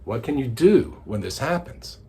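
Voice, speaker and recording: A man teaching a daily devotional Bible study, retelling the story with animated, dramatic storytelling. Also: mid-range voice, normal speed.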